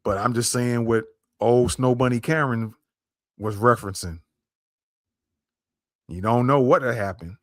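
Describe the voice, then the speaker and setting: A man's voice: medium pitch, measured pace, long pauses, no room sound, studio quality. A man hosting a podcast, commenting on a clip in an emphatic way, repeating his points and speaking straight to his listeners. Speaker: podcast host.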